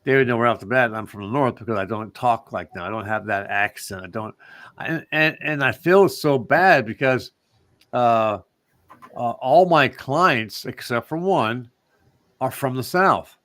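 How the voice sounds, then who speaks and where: A man's voice: medium pitch, measured pace, fairly bright tone, no echo. A man co-hosting a casual chat show, talking in a rambling, meandering way. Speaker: co-host.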